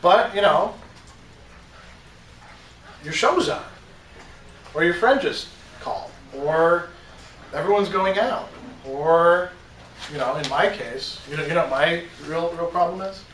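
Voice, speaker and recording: A man's voice: on the high side, lively intonation, takes it slowly, pauses often, fairly bright tone, slight background noise. A male philosophy professor giving a conversational classroom lecture, self-deprecating and full of "you know," recorded from a distance in an echoey room. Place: college classroom. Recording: echoey room, mic far off, faint ambience.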